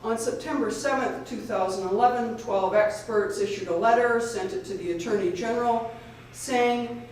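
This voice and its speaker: A woman, a lawyer and advocate, gives an earnest, hurried public speech at an event, often restarting her sentences. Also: a little high, a little mellow. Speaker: lawyer and advocate speaking at a rally. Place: lecture hall at a public event. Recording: echoey hall, far from the mic, faint noise.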